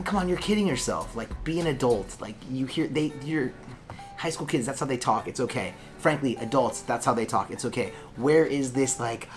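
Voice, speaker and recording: A chatty Californian man hosting a casual vlog from his law office. He rambles and jokes in a mid-pitched voice. Faint music plays behind him. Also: lively intonation, moderate pace. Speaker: lawyer and vlog host.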